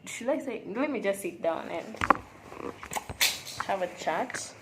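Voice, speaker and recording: A woman's voice: medium pitch, lively intonation, slow pace, echoey room, very noisy. A young woman chatting candidly and reflectively in a casual vlog from a hotel room. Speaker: vlogger. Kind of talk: casual confessional vlog chat.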